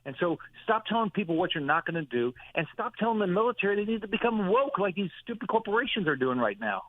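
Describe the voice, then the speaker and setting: A man on a thin, tinny phone line, talking in a blunt, indignant, emphatic way. His voice sits a little high for a man and sounds dry and close. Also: big pitch swings, fast, dry recording. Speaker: senator, radio guest. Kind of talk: phone-in radio interview.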